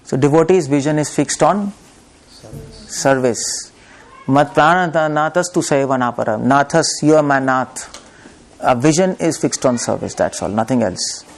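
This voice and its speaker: A man's voice: medium pitch, a little slow. A man giving a devotional sermon, telling a story and acting out its voices with laughs between points. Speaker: preacher. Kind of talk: devotional discourse. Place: lecture hall.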